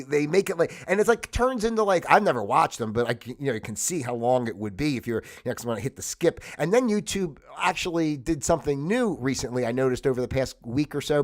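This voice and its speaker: A man's voice: a little high, expressive, a little fast. Rambling sniffly man hosting a livestream. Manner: casual, jumps between topics with many fillers and restarts. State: sniffly, stuffy nose. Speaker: host. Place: home in Florida.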